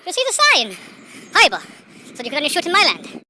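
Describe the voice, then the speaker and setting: A woman's voice: sits high, huge pitch swings, fast talker. A woman playing a comic Zulu character with a put-on Zulu-English accent, out of breath while cycling a country road and chattering in exclaiming broken English. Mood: breathless. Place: outdoors on a bicycle on a country road. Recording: loud wind and road noise outdoors.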